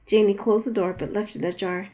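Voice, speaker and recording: A woman reads her own novel aloud at an ordinary middle pitch. She narrates plainly and raises her voice sharply for the characters' quarrels. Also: steady tone, fairly quick, warm tone. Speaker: author reading her own book. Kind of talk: audiobook narration.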